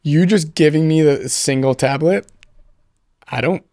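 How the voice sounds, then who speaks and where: A man's voice: fairly high pitch, measured pace, darkish tone, no room sound, clean studio sound. A young man, a podcast guest, telling a long story in casual chat, full of fillers and swearing. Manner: rambling storyteller, swears freely, many fillers.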